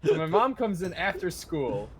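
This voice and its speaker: A man's voice: on the high side, big pitch swings, moderate pace, slight background noise. A man streaming, telling stories in a casual, profane, laughing way.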